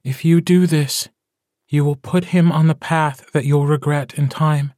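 A man's voice: a little high, steady tone, measured pace, a little mellow, no room sound, studio quality, pitched above the performer's own voice, lightly acted. A man voicing a strong-willed woman, mate to a wolf pack leader, in a pleading and defiant tone in an audiobook. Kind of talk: audiobook character voice.

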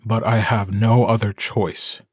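A man's voice: lowish voice, level tone, unhurried, slightly rough, dry recording, studio quality. A man voicing a weary, stubborn young man who leads a wolf pack, speaking firmly in an audiobook. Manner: weary, firm. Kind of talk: audiobook character voice.

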